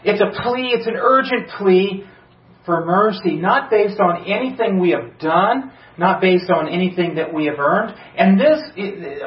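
In a church sanctuary, a male pastor with a high-sitting voice delivers an earnest sermon, building urgency through rhetorical questions. The recording is roomy, distant and slightly dull, with a little background noise.

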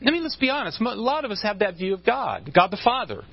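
A pastor with a high-sitting voice preaches quickly in a conversational style, his pitch swinging widely as he restarts phrases, makes asides, and jokes with the congregation. His voice is slightly rough and the audio sounds dull.

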